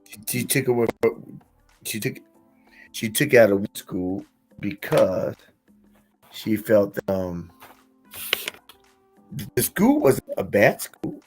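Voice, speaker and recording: A man hosting a relaxed conversation, his voice sitting a little low. He tells stories with animated quoted lines and chuckles at his own jokes. Faint music plays under him. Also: slow, pauses often. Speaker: podcast host. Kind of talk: casual conversational commentary.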